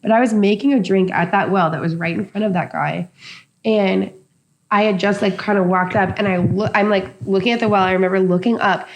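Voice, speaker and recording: A woman's voice: medium pitch, brisk. A woman, a bartender, recalling a bar incident in casual chat, chatty with many "like" fillers. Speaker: bartender and podcast co-host.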